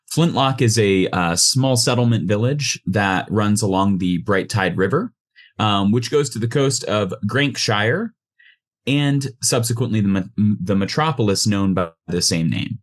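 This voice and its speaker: A man narrating a tabletop game as game master, relaxed and loose, with frequent ums. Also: lowish voice, a little slow.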